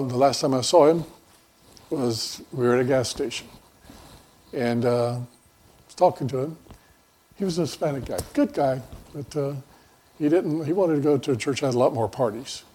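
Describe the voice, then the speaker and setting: Husky-voiced folksy pastor. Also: male voice, medium pitch, a little mellow. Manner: folksy, rambling, with many fillers and restarts. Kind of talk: conversational sermon.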